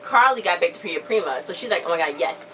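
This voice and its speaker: A young woman recapping a TV episode in a casual, excitable, slangy way, often acting out the characters' lines. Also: fairly low pitch, quick pace. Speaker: vlogger reviewing a TV episode. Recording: a bit distant from the mic, faint background noise.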